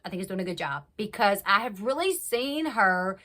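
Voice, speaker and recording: A young woman hosting a casual reality TV recap, chatty and animated, acting out quotes with big jumps in her voice. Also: medium pitch, normal speed. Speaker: YouTube recap host.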